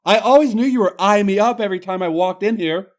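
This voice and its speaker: A man voicing a brash, hard-drinking Irish woman wrestler who talks loudly and crudely in a thick Irish accent. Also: sits high, fast talker, pitched above the performer's own voice, close to an everyday voice. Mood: brazen. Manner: loud, foul-mouthed, boisterous.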